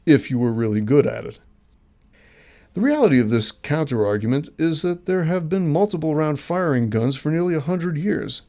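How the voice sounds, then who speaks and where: A man's voice: medium pitch, warm tone. A man hosting his own show, reading scripted commentary in an earnest, emphatic way with rhetorical questions. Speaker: host.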